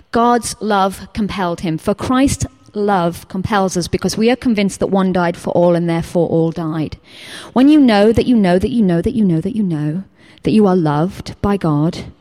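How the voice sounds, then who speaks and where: A woman's voice: mid-range voice, normal speed. A woman teacher from England giving an informal sermon, full of personal stories, acting out quotes and dropping to a whisper at times. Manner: animated storytelling, acts out quotes, drops to whispers. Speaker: teacher giving a church talk.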